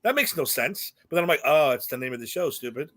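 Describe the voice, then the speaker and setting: Fast-talking excitable man. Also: fairly high pitch. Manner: excitable, swears a lot, retells his reactions. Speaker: podcast co-host. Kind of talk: casual chat.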